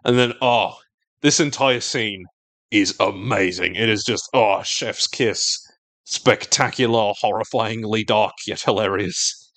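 A man's voice: fairly low pitch, unhurried, fairly bright tone, dry recording. Wry man recapping a TV episode. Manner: wry, sardonic, talkative. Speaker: podcast co-host. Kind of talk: casual TV recap chat.

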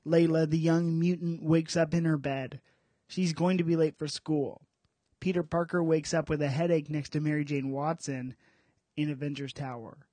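A male podcast host with a slightly higher voice walks listeners through a comic book story, then slips into playful, self-mocking banter. The recording is close and dry, with no room sound around him. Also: flat delivery, normal speed, mellow, no room sound.

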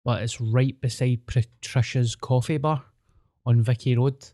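A man's voice: mid-range voice, fairly even intonation, unhurried, dark tone, dry recording. A Scottish man with a mid-range voice, chatting in sweary, storytelling banter. The sound is dry and close, with no room in it. He talks like a podcast co-host swapping stories with a friend. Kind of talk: casual chat.

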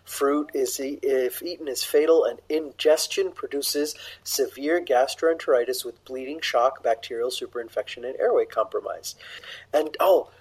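A man's voice: medium pitch, a little mellow, slightly rough, low-quality recording. A man co-hosting a podcast, eagerly reading facts aloud in casual chat. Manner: reads facts aloud eagerly, quick reactions. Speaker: podcast co-host.

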